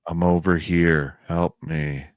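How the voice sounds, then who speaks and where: A man imitating a monotone voice in the woods. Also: low-pitched, slow, no room sound, highs cut off. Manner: flat monotone, no emotion. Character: eerie inhuman voice in the woods mimicking a woman calling for help.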